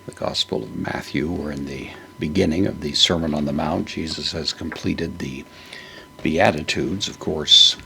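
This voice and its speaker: A man teaching a verse-by-verse Greek Bible lesson, unhurried, with many fillers as he parses each word. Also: rumbling low, fairly even intonation, gravelly, sharp tone, a little hiss or hum.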